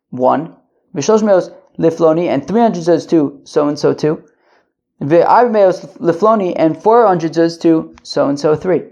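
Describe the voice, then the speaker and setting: A man teaching a daily Talmud lesson, translating line by line in a halting way with many restarts while pacing back and forth. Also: a little high, creaky, mellow, dull audio. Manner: halting, many restarts and fillers, Yiddish-flavored study terms. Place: pacing at the edge of a wedding hall.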